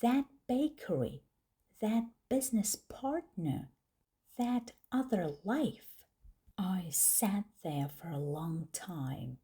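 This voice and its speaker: Female narrator, learner storybook: very slow, dark and mellow, gravelly texture. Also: fairly low pitch. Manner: slow, clear, deliberate reading.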